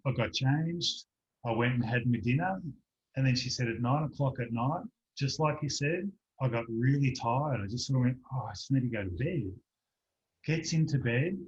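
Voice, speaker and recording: A man, a practitioner telling a lively anecdote as a guest in an online interview, acting out the voices of the people in it. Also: medium pitch. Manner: animated storyteller, acts out voices in anecdotes. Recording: dull lo-fi online call audio.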